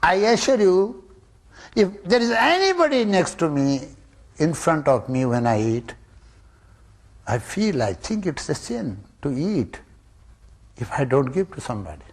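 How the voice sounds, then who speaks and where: A man giving a spiritual discourse to students, emphatic and full of rhetorical questions, jumping from loud rises to soft drops. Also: fairly high pitch, sing-song, unhurried, long pauses. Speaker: spiritual teacher.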